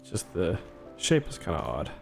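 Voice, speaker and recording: A man's voice: low voice, huge pitch swings, normal speed, gravelly, a little mellow, faint music behind. A young man casually chatting while livestreaming a city-building game, rambling and thanking viewers as he goes. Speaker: streamer.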